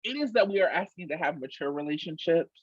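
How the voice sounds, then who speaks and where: Animated, husky woman co-host. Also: low-pitched, fast, dry recording, highs cut off. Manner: emphatic, animated, swears freely. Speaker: podcast co-host. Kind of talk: casual chat.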